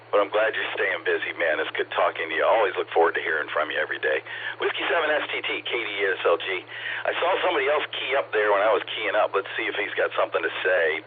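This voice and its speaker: A man running an amateur radio net, chatting in a friendly way with callers and reading out call signs. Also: lowish voice. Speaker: net control operator. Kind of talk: ham radio net chat. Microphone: radio transceiver mic. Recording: tinny two-way radio with faint hiss.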